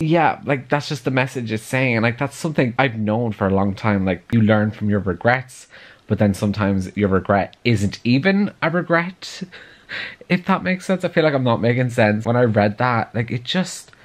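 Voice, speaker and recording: A man's voice: medium pitch, animated, moderate pace. A man chatting casually in a reading vlog, filling his talk with "like" and drifting into tangents. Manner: chatty, many "like" fillers, goes off on tangents. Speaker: book vlogger.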